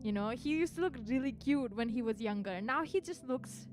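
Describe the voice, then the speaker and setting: A young woman streamer with a slightly high voice chats casually with her viewers. She rambles along, filling her sentences with "like" as she goes. Music plays clearly underneath her voice. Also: lively intonation, brisk. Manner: rambling, chatty, full of "like" fillers. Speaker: virtual streamer.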